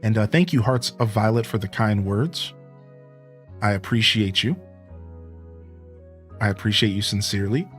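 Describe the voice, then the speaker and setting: A man's voice: fairly low pitch, moderate pace, long pauses, a bit bright, soft background music. A man hosting a live stream, giving an earnest, preachy rant to his viewers with casual slang. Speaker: Twitch streamer and host.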